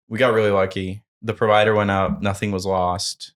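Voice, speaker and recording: A man's voice: lowish voice, steady tone, quick pace, few pauses, a bit bright. A man in his thirties hosting a podcast, telling a story animatedly and laughing as he goes. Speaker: podcast host. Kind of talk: casual storytelling interview.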